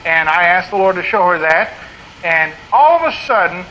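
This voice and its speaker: A man with a high, bright voice preaches an earnest sermon, pressing his points home through repeated phrases. The recording is dull and lo-fi, with a faint hiss behind him. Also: very animated, normal speed. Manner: earnest preaching, rising to emphatic repetition. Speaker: pastor.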